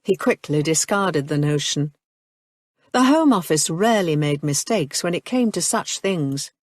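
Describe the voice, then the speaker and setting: A woman narrating an audiobook in a measured, even reading. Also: low-pitched, no echo, clean studio sound. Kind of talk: scripted narration.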